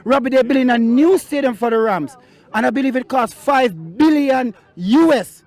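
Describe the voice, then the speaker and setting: A man's voice: very high-pitched, moderate pace, a little mellow. A man, a football fan, ranting passionately to camera outside the ground. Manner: impassioned, emphatic, repeats for stress.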